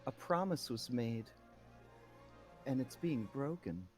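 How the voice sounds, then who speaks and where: A woman's voice: a bass voice, lively intonation, takes it slowly, soft background music, pitched above the performer's own voice, heavily acted. A man voicing a creepy, eccentric noblewoman who speaks in a vacant, dreamy way. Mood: airy, doting.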